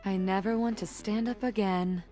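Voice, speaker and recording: A man's voice: sits high, steady tone, moderate pace, dark tone, faint music behind, voice pushed up, natural voice. A man doing a sweet young woman.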